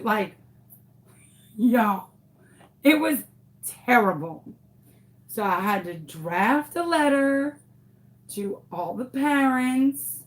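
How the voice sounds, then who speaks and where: A young woman telling a story in a casual, dramatic way, acting out the voices of the people in it. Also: fairly high pitch. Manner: dramatic, exaggerated retelling with quoted voices. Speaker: craft vlogger.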